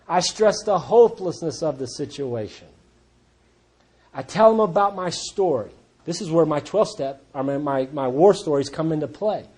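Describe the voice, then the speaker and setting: A man speaking at a recovery group meeting, telling his story in a blunt, plainspoken way with wry humor. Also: high-pitched. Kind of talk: personal testimony talk.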